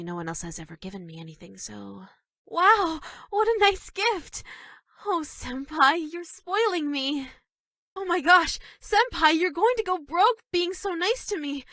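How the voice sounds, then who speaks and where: A woman voicing an obsessive, lovestruck teenage schoolgirl in game dialogue, giggly and breathy, swinging between gushing and dark murmurs. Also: high voice, dry recording, clean studio sound.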